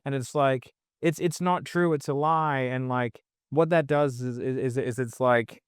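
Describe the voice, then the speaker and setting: Unhurried and clear, his medium-pitched voice has a resonant tone in a studio-quality recording with no room sound. He's a sales trainer appearing as a podcast guest in casual conversation, rambling bluntly with lots of swearing, fillers, and "like."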